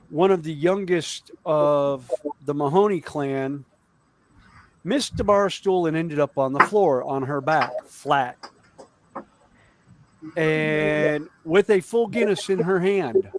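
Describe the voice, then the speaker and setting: A man chatting casually on a livestream, telling jokes and stories with many pauses and fillers. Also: a little high.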